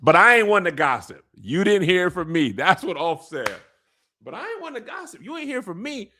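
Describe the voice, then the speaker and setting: A man putting on a whiny high dragon rider. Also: big pitch swings, fairly quick, bright, forceful tone, slight background noise, exaggerated voice. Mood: gossipy. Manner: whiny, sulking, fawning. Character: whiny dim young male dragon rider.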